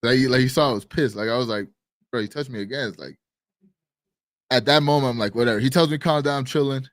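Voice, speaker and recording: A man co-hosting a live stream show, telling a story in casual chat, animated and swearing, acting out quotes loudly. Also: mid-range voice, quick pace, no room sound. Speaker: podcast co-host.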